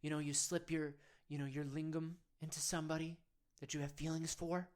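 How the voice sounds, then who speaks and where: A man's voice: fairly high pitch, little pitch movement, fairly quick, lightly acted. A man playing a self-serious male men's-wellness guru, leading a parody of a guided meditation in an earnest, coaxing, rambling way.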